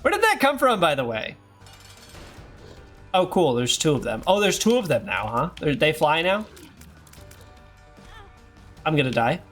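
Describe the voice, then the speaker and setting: Hoarse rambling male streamer. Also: a little high, huge pitch swings, unhurried, pauses often, fairly bright tone, soft background music. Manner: rambling, self-deprecating, many fillers. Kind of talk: casual gameplay chat.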